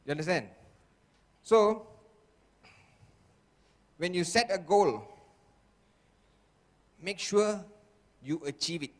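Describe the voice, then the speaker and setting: A man gives a motivational seminar, speaking slowly and deliberately in a fairly high voice. He keeps asking the room "okay?" and acts out the voices he describes. A long reverb hangs after each phrase, as if he stands in a large hall. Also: lively intonation. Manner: checks in with the audience constantly.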